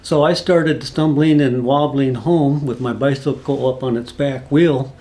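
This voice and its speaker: A man's voice: mid-range voice, fairly even intonation, measured pace, mellow. A man casually telling a rambling, folksy personal story, full of asides. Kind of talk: casual spoken anecdote.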